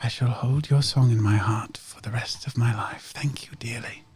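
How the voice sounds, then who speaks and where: A man voicing a tired, earnest young girl who speaks softly and formally. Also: medium pitch, moderate pace, slightly rough, pitched above the performer's own voice, natural voice. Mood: whispering. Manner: soft, sincere, formal phrasing.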